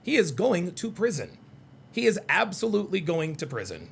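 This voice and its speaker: Brief: male call-in host from the American South, high and gravelly, profane and combative. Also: wildly swooping pitch, moderate pace, a little hiss or hum. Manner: profane, combative, repeats himself. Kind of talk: heated live reaction commentary.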